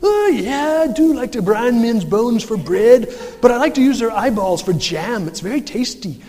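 A preacher doing a gruff ogre, mock-menacing. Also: male voice, very high voice, sing-song, normal speed, a little mellow, big-room sound, voice pushed up, exaggerated voice. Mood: mock menace.

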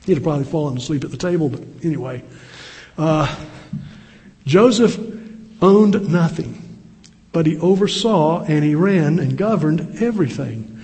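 Older guy preaching, folksy storyteller, kinda high voice, lots of hall echo. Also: lively intonation, normal speed, darkish tone. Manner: folksy storytelling with restarts and asides. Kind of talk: sermon. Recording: long reverb in a large hall.

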